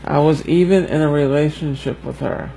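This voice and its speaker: A young man giving a halting, heartfelt birthday message on a livestream while fighting back tears. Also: fairly high pitch, fairly even intonation, creaky, dark tone, slight background noise, low-quality recording.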